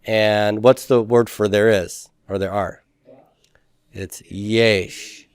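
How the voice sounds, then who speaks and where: Slow, smooth-voiced male teacher. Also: fairly low pitch, steady tone, no room sound, clean studio sound. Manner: patient, asks the class questions and confirms answers. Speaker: Hebrew teacher. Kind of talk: classroom grammar lesson.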